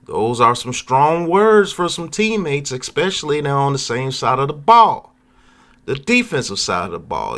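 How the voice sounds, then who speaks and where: A man hosting a sports talk channel, commenting casually on football news and reacting with drawn-out hums and asides. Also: mid-range voice, sing-song, a bit bright.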